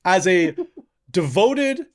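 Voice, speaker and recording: A man's voice: high-pitched, big pitch swings, slow pace. A man co-hosting a podcast, joking around in playful casual banter. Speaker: podcast co-host. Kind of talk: casual chat.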